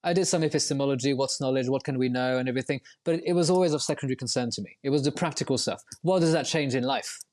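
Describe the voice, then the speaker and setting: A man's voice: mid-range voice, racing, few pauses, a little mellow. A man as a podcast guest, explaining at length in a reflective, winding way with frequent restarts. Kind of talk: podcast interview.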